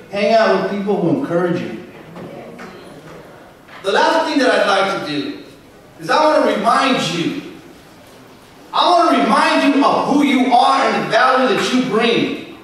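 A man's voice: very high voice, moderate pace, pauses often. A man from Southern California giving a motivational keynote speech, telling stories and acting out dialogue. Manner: storytelling, animated, acts out dialogue with a Spanish switch. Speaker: keynote speaker. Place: large convention hall. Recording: echoey hall from far off, faint noise.

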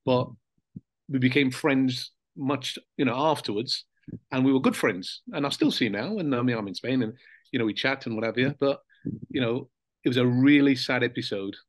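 An older man, a former footballer, recounting memories in a relaxed, reflective way with fillers and soft laughs. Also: mid-range voice, no room sound. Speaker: interview guest, former footballer. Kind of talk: casual reminiscing interview.

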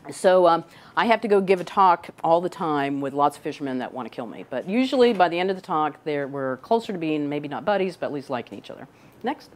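Woman, middle-aged, marine scientist, casual classroom talk, chatty, pitch on the low side. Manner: chatty and lively, keeps checking in with "right?". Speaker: marine scientist giving a talk to young people. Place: indoor room with a couch.

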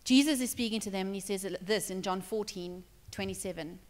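A woman's voice: medium pitch, brisk. A woman pastor preaching a sermon in a conversational way, acting out dialogue and checking in with her listeners. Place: church hall. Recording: long reverb in a church hall.

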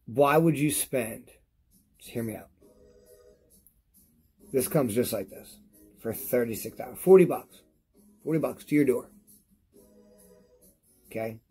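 A man reviewing products on his vlog in a rambling, profane rant to camera while he is high, repeating himself as he talks. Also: a little slow, long pauses, mellow, husky, faint music behind.

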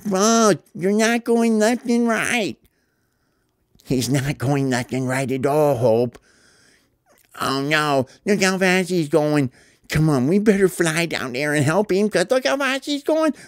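A man voicing an excitable young bird who shouts encouragement. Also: a little high, takes it slowly, dry recording, studio quality, pitched above the performer's own voice. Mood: excited.

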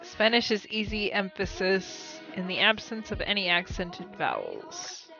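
A woman's voice: medium pitch, wildly swooping pitch, measured pace, vocal fry, pushed and bright, muffled recording, faint music behind. A woman streamer chatting casually and giggling while she practises words over and over. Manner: giggly, playful, repeats words to practise them. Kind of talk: casual chat while studying a language.

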